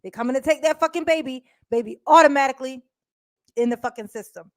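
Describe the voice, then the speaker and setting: A woman doing casual live-stream commentary, blunt and profane, chatting directly with her viewers and breaking into quick laughs. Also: high voice, no room sound, clean studio sound. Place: indoors at home.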